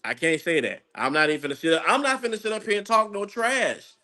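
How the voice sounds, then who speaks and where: High-voiced guy w/ black ranting abt the game, rambly and hyped. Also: fast. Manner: excitable, rambling, swings into high-pitched laughing outbursts. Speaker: sports fan commentator. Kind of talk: casual live game-watching rant.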